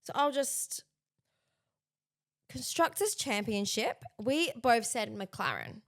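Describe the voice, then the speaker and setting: A woman's voice: on the high side, lively intonation, slow pace. A woman co-hosting a podcast, chatting and leading the segments. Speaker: podcast co-host. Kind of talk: casual chat.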